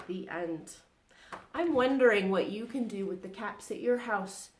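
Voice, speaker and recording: A woman reading a children's story aloud, animated and asking the young listeners questions as she goes. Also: medium pitch, a little slow, echoey room.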